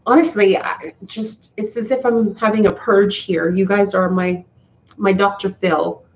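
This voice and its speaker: A woman chats with her live viewers in a heartfelt, earnest way, circling back and restarting her sentences. Her voice sits at a middle pitch. The sound is slightly dull and lo-fi. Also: steady tone, measured pace. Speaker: YouTuber talking to live chat. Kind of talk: casual live-stream chat.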